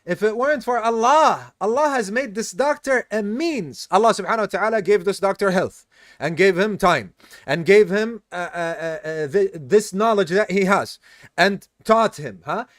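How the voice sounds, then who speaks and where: A tired man teaches a live Islamic study class, explaining things step by step, quizzing his students, and mixing in Arabic terms. His voice sits high with lively intonation at a normal speed and a slightly bright tone. The recording is dry, with clean studio sound.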